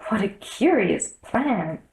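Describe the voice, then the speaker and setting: A woman's voice: fairly high pitch, big pitch swings, takes it slowly, darkish tone, reverberant, voice pushed up. A woman voicing Alice, a curious and polite young girl, asking questions in a storybook reading.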